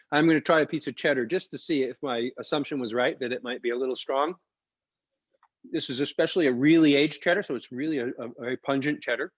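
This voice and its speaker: An eager, talkative man walks viewers through a wine tasting, explaining each sip as he goes. His voice sits at a middling pitch. It comes through a dull, dry video-call feed. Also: no echo. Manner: enthusiastic, chatty, explains as he tastes. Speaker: winery co-founder presenting a tasting. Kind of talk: live online wine tasting presentation.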